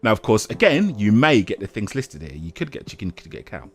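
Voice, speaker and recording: Playful man with lively delivery. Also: lowish voice, quick pace. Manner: playful, self-mocking, bursts of shouting. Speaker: gaming YouTuber. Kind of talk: casual game commentary.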